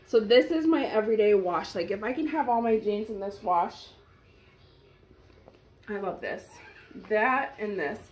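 A woman's voice: mid-range voice, a little slow, long pauses, a little mellow. A young woman vlogger chatting casually to her viewers as she tries on clothes at home, gushing and talking straight to camera. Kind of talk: casual try-on haul chat.

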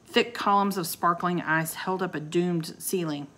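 A woman teacher reading a children's chapter book aloud to her class in a clear storytelling manner. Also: lowish voice, fairly even intonation, unhurried, a bit bright.

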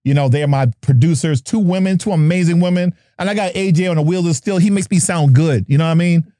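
A man's voice: fairly high pitch, a little fast, mellow, no echo, clean studio sound. A middle-aged man from New Jersey hosting his podcast in a playful, jokey, hype manner. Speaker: podcast host. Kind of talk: lively podcast chat.

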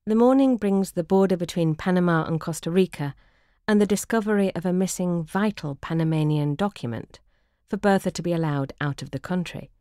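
A woman narrates her own travel memoir in an audiobook reading. Her voice sits very low and she keeps a dry, wry, measured delivery. The sound is close and dry with no room around it. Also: dark tone, dry recording.

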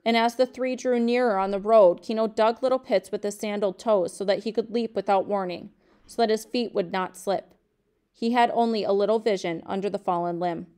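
Woman, teacher, reading a novel aloud, steady, measured pace, mid-range pitch. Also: clean tone.

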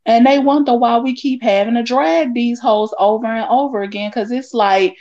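A woman's voice: steady tone, moderate pace, darkish tone. A woman on a livestream panel, talking in an exasperated, profane way. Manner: exasperated, profane, rising to high outbursts. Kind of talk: livestream commentary. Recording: dull lo-fi audio.

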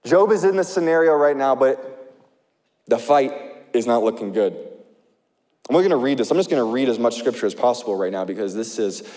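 A man preaching a sermon as pastor, animated and conversational, with asides to the congregation, recorded live in a large church hall. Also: medium pitch, a little fast, pauses often.

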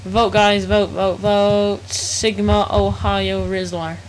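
A woman's voice: medium pitch, flat delivery, takes it slowly, slight background noise, rough recording. A woman live-streaming a game, chatting casually in slangy speech and reacting aloud to chat.

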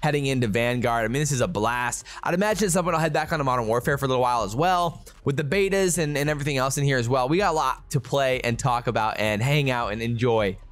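A young man giving excitable, trash-talking commentary over his own shooter gameplay as a gaming YouTuber, with game music and gunfire behind him. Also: mid-range voice, fast talker, hardly any pauses, dry recording.

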